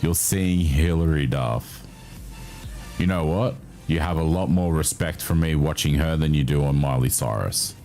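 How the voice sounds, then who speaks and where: A man's voice: a bass voice, normal speed, a little mellow, soft background music. A man livestreaming, chatting casually with his viewers and reacting to their messages with laughs and swearing. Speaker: livestreamer reading chat.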